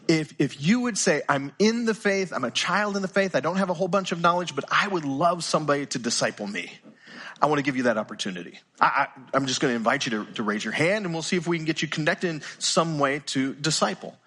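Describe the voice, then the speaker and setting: Bright-voiced older pastor preaching. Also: male voice, a little high. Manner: earnest, repeats words when starting sentences. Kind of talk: sermon.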